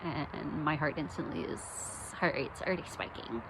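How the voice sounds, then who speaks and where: A woman's voice: deep voice, moderate pace, gravelly, fairly bright tone, slight background noise, poor audio. A young woman from the United States telling a personal story in a candid, self-deprecating way, with lots of ums. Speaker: podcast host.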